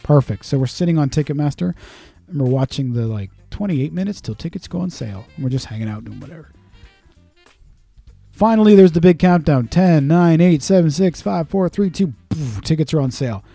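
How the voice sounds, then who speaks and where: A man's voice: a little high, lively intonation, a little fast, gravelly, mellow, no room sound, soft background music. A man co-hosting a podcast, telling a grumpy, profane story while in pain. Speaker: podcast co-host. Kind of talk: casual podcast chat.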